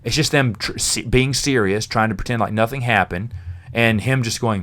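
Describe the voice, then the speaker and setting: A man's voice: lowish voice, fairly quick. A man hosting a podcast, casually reviewing a novel in a rambling, chatty way with fillers and the odd chuckle. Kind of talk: casual spoken book review.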